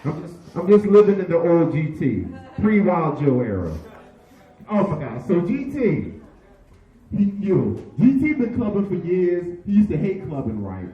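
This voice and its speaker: A man emceeing a comedy tribute show, loud and profane, hyping the crowd between stories. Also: high voice, big pitch swings, measured pace, far from the mic, dull audio. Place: comedy bar stage with audience. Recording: echoey room, mic from afar, crowd.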